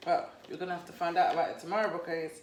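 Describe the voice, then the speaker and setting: A woman giving a casual, chatty book review, playful and quick to laugh at herself. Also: fairly low pitch, steady tone, slight background noise. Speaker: book vlogger. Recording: roomy echo.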